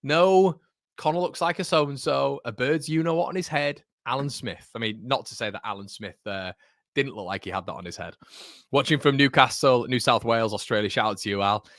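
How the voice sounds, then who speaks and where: A man's voice: mid-range voice, a little fast, a bit bright, no room sound, clean studio sound. A man hosting a casual live football watchalong, chatting with viewers and calling them mate. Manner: chatty, reads chat aloud, calls viewers mate. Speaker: livestream host.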